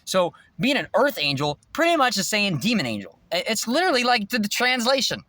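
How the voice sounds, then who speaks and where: A man's voice: high voice, very animated, fairly quick, pushed and bright, dry recording. A man vlogging in a rambling, preachy spiritual monologue, intense and swearing freely.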